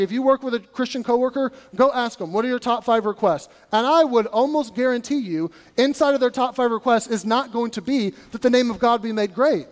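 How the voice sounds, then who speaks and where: Guy preaching, really high voice, chatty, lots of questions to the room, long church echo. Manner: conversational preaching with repeated rhetorical questions. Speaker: pastor. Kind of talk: sermon. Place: church sanctuary. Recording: church hall reverb.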